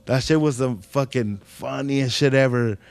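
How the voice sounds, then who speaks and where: A man's voice: medium pitch, normal speed, gravelly, dry recording. A man hosting a podcast, telling a story in casual, profane slang and acting out the people in it. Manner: profane, slangy, acts out quotes in other voices. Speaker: podcast host.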